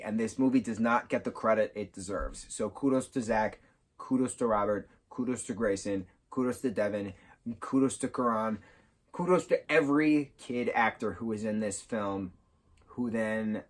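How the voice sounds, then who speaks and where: A man reviewing a film in a casual vlog, retelling scenes excitedly with bursts of giggling and sudden jumps in pitch and volume. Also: moderate pace. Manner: giggles through his retelling.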